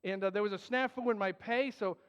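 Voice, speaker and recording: A man's voice: high-pitched, brisk, clear, resonant tone. A man preaching as a pastor, earnest and emphatic with joking asides. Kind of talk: sermon. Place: church sanctuary. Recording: dull, long hall reverb.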